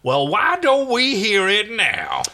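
A man's voice: high-pitched, huge pitch swings, slow, bright, forceful tone, voice pushed up, full character voice. A man doing a manic, taunting space captain. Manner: sing-song, taunting. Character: brash mocking male space captain, manic.

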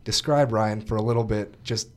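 A man of medium pitch leads a relaxed podcast conversation. He sets up each story and asks follow-up questions. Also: moderate pace. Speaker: moderator. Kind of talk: casual interview chat.

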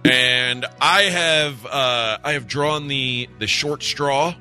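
A man co-hosting sports talk radio in an easygoing way, thinking aloud as he goes. His voice is bright and forward, with faint music behind. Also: mid-range voice, slow, smooth. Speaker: co-host. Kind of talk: casual sports radio chat.

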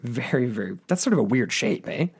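A man's voice: medium pitch, big pitch swings, a little fast, creaky, breathy edge. Male podcast co-host, conversational storyteller, mid-range voice, reads quotes with casual asides. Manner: retells a witness account, reads quotes aloud, chatty asides.

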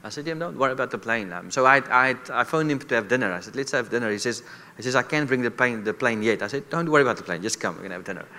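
Guy preaching in church, bright forceful voice, keeps asking the crowd questions. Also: mid-range voice, expressive, rapid-fire. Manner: repetitive preaching with rhetorical questions. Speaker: guest preacher. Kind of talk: sermon.

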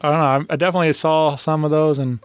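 A man's voice: on the high side, fairly even intonation, clean tone, dry recording, studio quality. A man hosting a podcast in casual chat, rambling a bit and agreeing often. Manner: rambling, many fillers and restarts, quick to agree.

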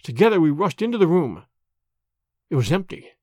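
A man narrates an audiobook with measured, expressive storytelling. His voice sits on the high side, and the studio-quality recording has no echo.

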